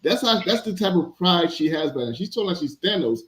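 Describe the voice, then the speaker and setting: Man, animated panel guest, slightly high voice, echoey room. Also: fast talker. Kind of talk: casual panel discussion.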